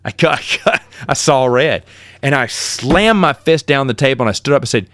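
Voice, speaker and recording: This is a relaxed, rambling storytelling monologue from a middle-aged podcast host recalling his college years, lively and full of mid-sentence self-corrections. He speaks in a mid-range voice at normal speed, with no room sound.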